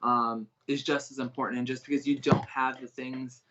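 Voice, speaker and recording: A man giving a live online psychic reading, talking in a halting, searching way with many restarts. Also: medium pitch, flat delivery, highs cut off, noisy background. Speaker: psychic medium reader.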